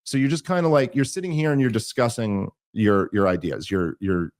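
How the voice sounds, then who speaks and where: A man hosting a podcast, telling a story in casual chat, animated and full of restarts and mocking asides. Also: lowish voice, normal speed. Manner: animated, mocking quoted voices, many restarts. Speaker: podcast host.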